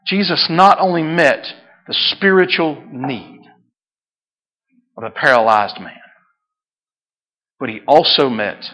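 Male preacher, high husky voice, fervent swings from hush to shout. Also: slow pace, long pauses, low-quality recording. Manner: swings from hushed pleading to shouted fervor. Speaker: pastor. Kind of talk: sermon.

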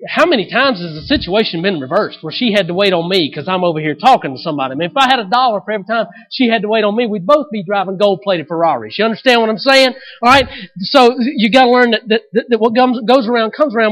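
High-pitched male preacher, dramatic loud-to-soft delivery, dull recording. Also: lively intonation, quick pace. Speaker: pastor. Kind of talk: sermon.

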